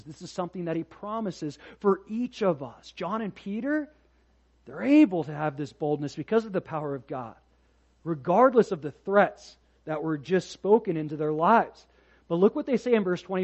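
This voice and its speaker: High-voiced pastor preaching with animated fervor. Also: male voice, moderate pace. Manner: animated storytelling, rising to loud emphatic passages. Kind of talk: sermon. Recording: dull lo-fi sound.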